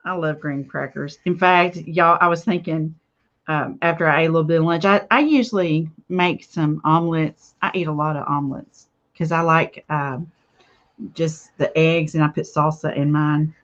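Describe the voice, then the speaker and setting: A woman's voice: low voice, fairly even intonation, moderate pace, fairly bright tone. A woman chatting casually to viewers while she makes a craft project, rambling from one thought to the next. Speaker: craft vlogger. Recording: slightly dull lo-fi audio.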